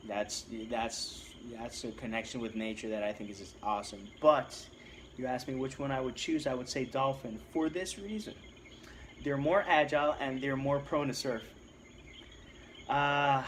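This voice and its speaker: A man's voice: mid-range voice, a little hiss or hum. A man in his thirties from Puerto Rico, answering viewer questions in a casual vlog, rambling and self-deprecating with lots of restarts. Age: 30s.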